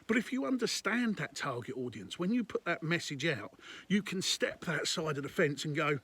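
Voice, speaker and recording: A man's voice: a little high, expressive, normal speed, fairly bright tone, husky. A man, a business consultant, giving conversational and emphatic business advice to camera, repeating his points.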